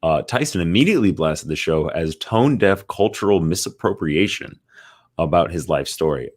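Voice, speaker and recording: Low voiced guy on a movie podcast, reading news bits out, lots of um and like. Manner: rambling, reads out news articles with many fillers. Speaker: podcast co-host. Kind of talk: casual chat about movie news.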